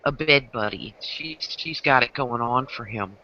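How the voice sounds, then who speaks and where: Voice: mid-range voice, unhurried, bright, forceful tone, dull audio, a little hiss or hum. A host, chatting animatedly in a casual group chat and acting out quotes.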